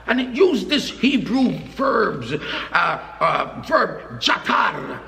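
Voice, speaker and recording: A man preaching a sermon with emphatic repetition, often shouting his phrases. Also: high voice, sing-song, takes it slowly, vocal fry, a little hiss or hum. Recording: echoey hall with long reverb.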